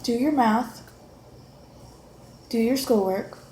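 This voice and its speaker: A woman chatting casually with her child at home, encouraging and gently coaxing in a motherly way. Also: a little high, slow. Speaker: mother homeschooling her son. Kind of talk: casual family chat. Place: home, at the breakfast table. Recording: echoey room with faint background noise.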